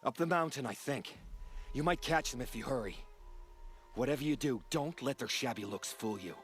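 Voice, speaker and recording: A man voicing a robbed herb gatherer in a video game, excitable and complaining, with faint game music behind. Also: mid-range voice, normal speed, natural voice. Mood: ominous. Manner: excitable, complaining, breathless rants.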